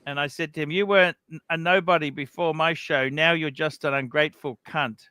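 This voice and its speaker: A man's voice: on the high side, fairly even intonation, fairly quick, pushed and bright, smooth, no room sound. A man hosting a casual livestream, animatedly retelling a feud. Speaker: livestream host.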